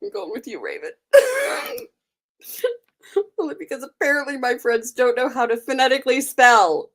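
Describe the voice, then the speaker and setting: A woman's voice: sits high, animated, fast talker. An American woman hosting a live stream, chatting casually with viewers, giggling and teasing them. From United States. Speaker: livestream host.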